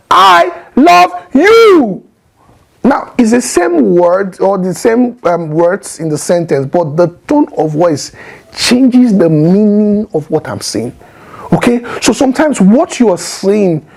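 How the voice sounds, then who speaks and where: An emphatic man talks about marriage straight to the camera, his voice gravelly and a bit husky. His pitch swings widely as he repeats key points and acts out tones of voice. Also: warm tone, low-quality recording. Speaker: marriage advice speaker. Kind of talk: direct-to-camera advice talk.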